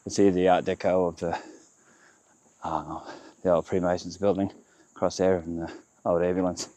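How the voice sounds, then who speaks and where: A man's voice: low-pitched, level tone, normal speed, dark tone, no echo. A man giving a rambling walking tour of his town, chatting in short self-correcting fragments as he walks outdoors. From Australia. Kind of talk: casual walking-tour commentary. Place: outdoors on town streets by a river.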